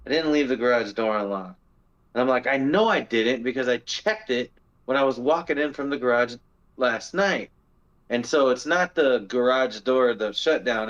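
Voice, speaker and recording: Man, podcast co-host, casual rambling talk, middle pitch, slightly dull lo-fi sound. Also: a bit bright. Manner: rambling storytelling, many fillers and restarts. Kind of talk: casual discussion.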